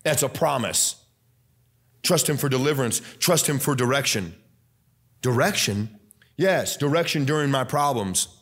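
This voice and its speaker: A young man preaching a fiery Baptist sermon, loud and emphatic, repeating scripture lines and swinging from soft asides up to high, excited preaching. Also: moderate pace, long pauses, husky. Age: young adult. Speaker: pastor.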